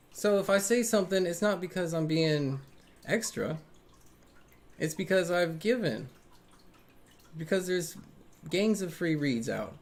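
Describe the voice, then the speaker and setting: A tarot reader talks straight to a live-stream audience in an earnest, defensive way. The voice sits in a middle pitch, and speech is loose and conversational, full of fillers and repeated phrases that drive a point home. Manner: frequent fillers like "right?" and "man". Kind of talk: casual live-stream talk to viewers.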